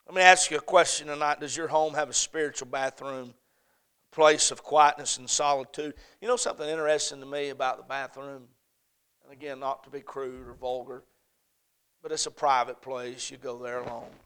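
A man preaching a sermon, swinging between loud emphatic peaks and soft, hushed lines, repeating phrases in a preaching cadence. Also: mid-range voice, steady tone, a little fast, clean tone.

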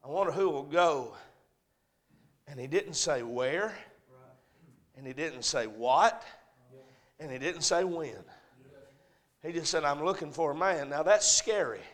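A man preaching a sermon in a church, swinging between hushed lines and shouted ones. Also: a little high, animated, a little slow, pauses often. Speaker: pastor. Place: church sanctuary.

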